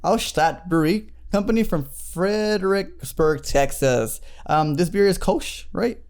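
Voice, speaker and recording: Guy hosting a beer review chat, kinda high voice, smooth and clear, trips over words reading the label. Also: unhurried, a little mellow. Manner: reads label text aloud with stumbles and asides. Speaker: podcast host.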